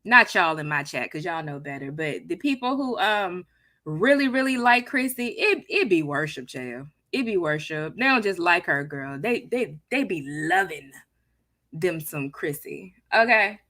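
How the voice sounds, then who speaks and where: A woman hosting a live stream, chatting with her viewers in a sassy, casual way with a soft, near-whispered delivery on a close mic. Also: on the low side, lively intonation, unhurried, no room sound. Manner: chatty, sassy, talks to chat as "child" and "honey". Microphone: new close studio mic.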